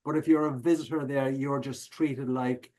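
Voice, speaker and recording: A man's voice: medium pitch, fairly even intonation, moderate pace, a little mellow, rough recording. A middle-aged Irish man telling stories in an interview, hesitant, with many fillers and restarts. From Ireland. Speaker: guest speaker. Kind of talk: conversational interview.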